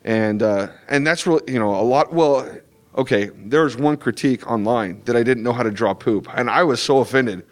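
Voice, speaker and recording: A comic book artist talking with fans in a loose, rambling way, full of "you know" and false starts. His voice sits at a middle pitch, and he leans hard on his points with animated asides. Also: normal speed. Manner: rambling, many restarts and "you know" fillers. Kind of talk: convention interview chat.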